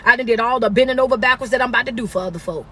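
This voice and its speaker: Brief: high-pitched woman, motivational speaker, emphatic repeated refrains, blunt and scolding. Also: racing, fairly bright tone. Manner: repetitive, emphatic, preachy refrains. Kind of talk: motivational talk.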